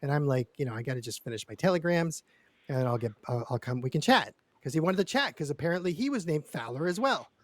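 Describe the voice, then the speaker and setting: A man's voice: on the high side, expressive, fast talker, no room sound. Rambling, stammering man, dry sound. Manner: rambling, stammering with repeated words; swears casually. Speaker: roleplay character telling a story. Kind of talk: in-character storytelling.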